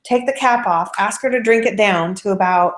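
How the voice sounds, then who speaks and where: A woman teaching in an echoey living room, her voice in a middle pitch. She tells stories animatedly and acts out both sides of her conversations. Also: moderate pace. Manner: animated storyteller acting out dialogue. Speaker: network marketing trainer. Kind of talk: casual training talk.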